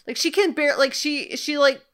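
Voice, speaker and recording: A woman's voice: high-pitched, steady tone, moderate pace, fairly bright tone. A woman co-hosting a casual TV recap chat, wry and critical. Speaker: podcast co-host.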